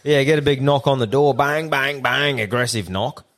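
A man's voice: mid-range voice, moderate pace, fairly bright tone. An Australian man telling a story in a casual chat, blunt and swearing freely.

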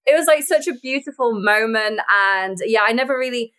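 A woman's voice: a little high, fairly quick, fairly bright tone. Bubbly young woman, chatty. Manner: bubbly, laughs often, chatty storytelling. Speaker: actor and guest. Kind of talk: casual interview chat.

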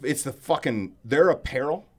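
Lively, profane man on a podcast. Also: mid-range voice, normal speed. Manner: loose, profane storytelling with frequent laughs. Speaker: podcast co-host. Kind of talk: casual chat.

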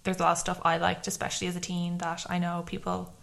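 A woman's voice: lowish voice, monotone, fast talker, creaky, a bit bright. A young adult woman, co-hosting a podcast in a rambling, chatty way with lots of fillers. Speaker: podcast co-host. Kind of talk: casual chat.

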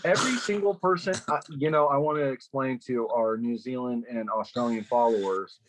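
A man from California co-hosting a podcast, recapping a film's plot in animated, profane storytelling. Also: mid-range voice, normal speed, slight background noise, rough recording. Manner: animated storytelling, swears often. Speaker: podcast co-host. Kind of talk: casual chat recapping a film.

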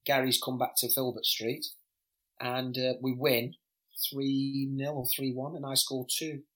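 A middle-aged former footballer, a man, telling animated anecdotes in a casual podcast interview, often stammering and repeating words. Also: medium pitch, measured pace, rough recording.

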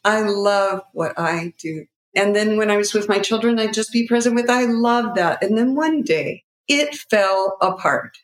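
A woman's voice: fairly high pitch, normal speed, hardly any pauses, roomy sound. A middle-aged woman guest on an interview, speaking in a heartfelt, emotional and rambling way. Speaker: guest, nonprofit founder. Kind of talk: interview conversation.

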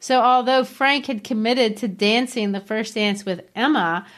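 A woman's voice: fairly high pitch, unhurried. A woman hosting a book podcast, recapping and narrating a novel with enthusiasm. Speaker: podcast host.

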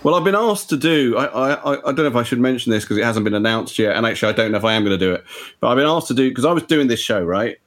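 A man's voice: medium pitch, lively intonation, rapid-fire, a bit bright. A man, a comedian chatting casually in a conversation, rambling with restarts.

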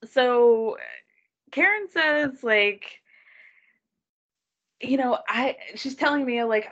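A woman co-hosts a casual podcast chat recapping a reality show, animatedly acting out quotes in put-on voices and laughing often. Her voice is mid-range with a measured pace, and the sound is lo-fi.

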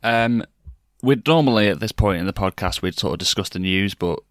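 Deep-voiced, dry-humored podcast host man. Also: a little fast, a bit bright, no echo. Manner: dry, sardonic. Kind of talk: casual football podcast chat.

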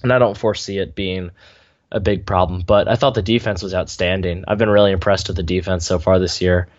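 A man co-hosting a sports podcast, talking casually with dry, deadpan humor. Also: low-pitched, a little fast. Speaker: podcast co-host. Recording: slightly dull lo-fi sound.

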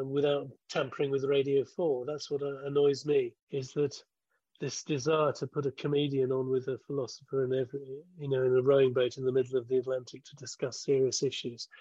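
A man in his sixties, a former broadcaster, talking as an interview guest in a measured way, thinking aloud and restarting sentences. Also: medium pitch, level tone, warm tone, dry recording, highs cut off. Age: 60s. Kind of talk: conversational interview.

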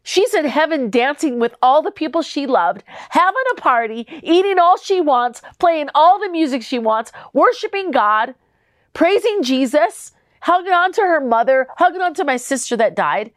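A woman's voice: high-pitched, animated, moderate pace, no echo, clean studio sound. A young adult woman hosting a faith podcast, talking to listeners in an earnest, emotional way that is tearful at times. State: crying at times. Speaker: podcast host. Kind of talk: heartfelt faith podcast talk.

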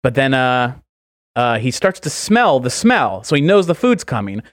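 A man co-hosting a podcast who spins out a long joke, wandering through fillers and restarts at an ordinary pitch. His voice is close on a microphone and completely dry. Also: sing-song, normal speed, dry recording. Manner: rambling, filler-heavy storytelling. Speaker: podcast co-host. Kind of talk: casual podcast chat, telling a long joke.

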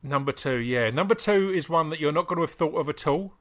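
A man, co-hosting a casual chat, enthusiastic and quick with asides. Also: fairly high pitch, a bit bright. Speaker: podcast co-host.

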